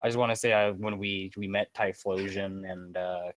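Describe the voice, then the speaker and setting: A man chats on a casual podcast in a halting way. He stumbles over his words, repeats himself, and fills the pauses with "uh". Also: deep voice, steady tone, no room sound. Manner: halting, stammering repeats and fillers. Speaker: podcast co-host.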